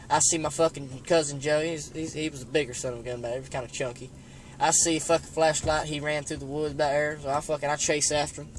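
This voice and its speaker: A man's voice: fairly high pitch, slight background noise. A young man telling a hunting story in a rambling, profane way, padding every line with "you know". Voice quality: rambling, heavy swearing, constant "you know". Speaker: storyteller vlogger. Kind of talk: casual storytelling.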